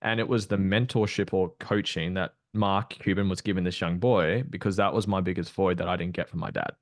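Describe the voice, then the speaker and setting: A young Australian man speaking with a very low voice in a relaxed podcast chat, candid and loose, throwing in swear words and fillers. The sound is dry and close, with no room to speak of. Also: fairly quick, no room sound. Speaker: podcast guest, mindset coach. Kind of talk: casual podcast conversation.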